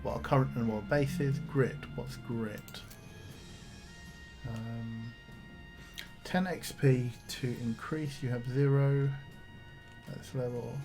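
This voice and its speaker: A man's voice: mid-range voice, steady tone, slow, pauses often, music in the background. A man streaming a video game, reading the on-screen text aloud and adding casual asides. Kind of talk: casual game let's-play commentary.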